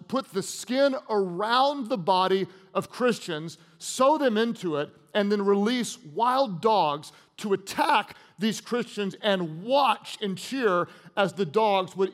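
A man preaching a sermon as a pastor, moving between loud emphatic lines, hushed earnest passages and casual, humorous storytelling. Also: sits high.

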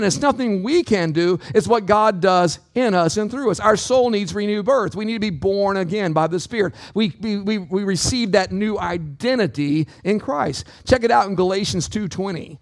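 A man with a high voice preaches a sermon from the pulpit, calling out to his congregation. His delivery swings in pitch and pace, and his voice sounds dry and close. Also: moderate pace, hardly any pauses, dry recording. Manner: preaching with call-outs to the congregation. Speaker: pastor.

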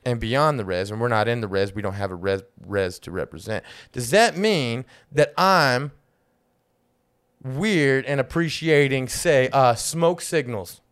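A man's voice: medium pitch, expressive, a little slow, a bit bright, clean tone. Male co-host, casual slangy talker, curses a lot, repeats himself mid-point. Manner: loose slangy talk, swears freely, stumbles over repeated words when making a point. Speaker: podcast co-host. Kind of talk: casual chat.

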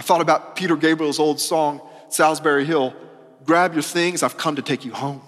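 A man preaching a sermon as pastor, emphatic and casual, repeating phrases and moving between loud and soft. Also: fairly high pitch, steady tone, moderate pace. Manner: casual, uses "y'all" and slang. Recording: long hall reverb.

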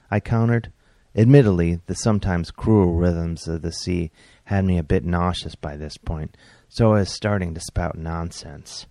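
Deadpan man reading his comic story. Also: low voice, moderate pace, vocal fry, dry recording. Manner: deadpan, wry, bursts of exasperation. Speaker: comedian and author.

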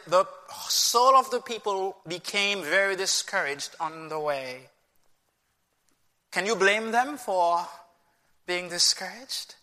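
A man's voice: high-pitched, bright, forceful tone, big-room sound. A man preaching a sermon with emphasis, often putting rhetorical questions to his listeners.

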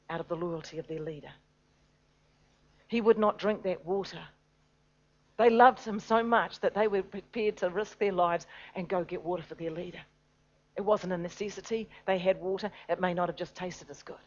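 A woman preaching a sermon, swinging from loud, urgent emphasis to hushed, near-whispered lines, with some hesitations and restarts. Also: fairly low pitch, highs cut off.

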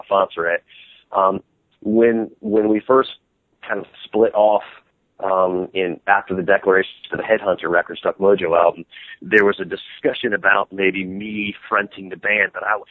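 This middle-aged guitarist, a band member guesting on a laid-back interview, talks in a low voice and rambles with lots of animation and frequent restarts. The recording is dry and comes through a tinny, phone-like line.

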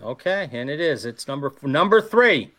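A man co-hosting a casual chat, calmly prompting and reading out facts. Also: fairly high pitch, moderate pace. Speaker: co-host.

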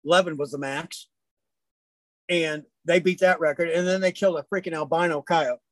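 A man who works as a hunting guide, telling folksy, lively stories in a casual chat. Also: on the high side, normal speed, no echo. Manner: animated, folksy storyteller. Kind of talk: casual storytelling.

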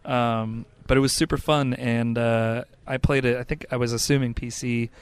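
A man's voice: medium pitch, fairly even intonation, moderate pace, smooth, dry recording. Guy rambling about games on a podcast, lots of ums, real clean resonant voice. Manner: rambling, with many fillers and restarts. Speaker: podcast co-host. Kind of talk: casual chat about games.

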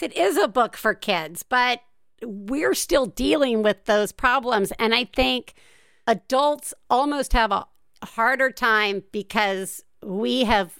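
A woman hosting an interview, a parent herself, chatty, bubbly and quick to laugh. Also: a little high, a bit bright, clear, resonant tone, no echo, studio quality. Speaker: interview host. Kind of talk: casual interview chat.

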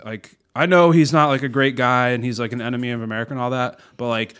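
A man at a medium pitch, co-hosting a podcast in a relaxed, casual chat. He swears freely, and his sentences drift and trail off. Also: fast, clear, resonant tone. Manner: laid-back, swears often, trails off. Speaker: podcast co-host.

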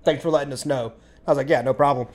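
A man's voice: mid-range voice, racing. A man co-hosting a casual podcast, telling a long story about a bad restaurant customer, full of swearing and acted-out dialogue. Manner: profane, animated storytelling. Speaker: podcast co-host.

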